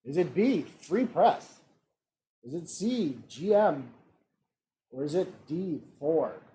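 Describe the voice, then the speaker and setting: A man hosting an online trivia game. He reads out multiple-choice questions and adds relaxed joking asides. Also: fairly high pitch, slow pace. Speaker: trivia quiz host.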